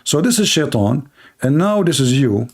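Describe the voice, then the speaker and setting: Talking to viewers on a livestream at normal speed, a man with a voice on the high side and big pitch swings gives a satirical monologue. It's mocking and sarcastic, delivered in broken English.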